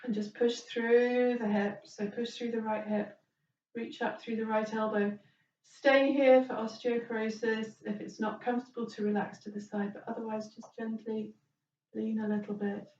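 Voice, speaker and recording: Gentle woman guiding yoga, distant and roomy. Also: fairly high pitch, little pitch movement, moderate pace, slight background noise. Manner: gentle, soothing step-by-step instructions. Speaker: yoga teacher. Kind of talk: guided chair yoga class. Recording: roomy, distant, dull-sounding recording.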